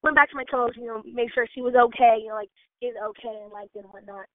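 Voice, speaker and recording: A woman's voice: on the high side, fairly even intonation, quick pace, dry recording. A young woman in her twenties, a gymnast and dancer, chatting casually as an interview guest with lots of fillers. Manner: bubbly, chatty, many fillers. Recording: tinny phone-like line, dry.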